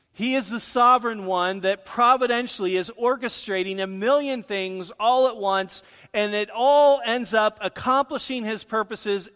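Animated male pastor preaching in reverb. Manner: animated preaching, pitch rising on emphasis. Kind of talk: sermon.

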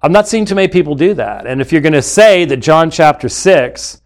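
A man's voice: on the high side, normal speed. A man hosting a live webcast and teaching on the Bible, talking in an emphatic, argumentative way with frequent restarts from a studio. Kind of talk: unscripted live commentary. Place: studio with screens and computer.

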